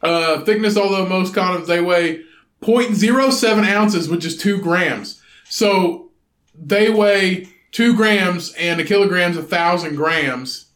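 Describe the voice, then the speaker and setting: Crude, casual chat comes from this podcast co-host, a man whose voice is high-pitched, bright and tense. Speaking slowly in an echoey room, he meanders, curses without restraint, and slips into fake voices to land his jokes.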